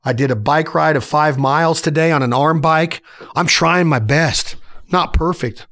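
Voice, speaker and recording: A man's voice: on the high side, moderate pace, a bit bright. A man in his forties hosting a podcast, giving a fired-up motivational solo rant in punchy, emphatic short sentences. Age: 40s. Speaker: podcast host.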